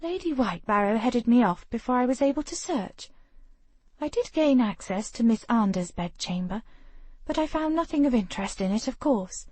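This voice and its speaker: A woman voicing a flustered, quick-witted young woman who protests in a hurried way, in an audiobook. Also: fairly high pitch, lively intonation, a little mellow, no room sound.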